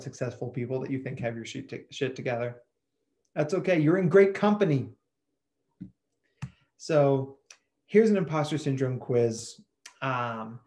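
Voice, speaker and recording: A man and psychologist giving a lively, chatty webinar presentation over a video call. He often repeats words as he thinks out loud. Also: fairly high pitch.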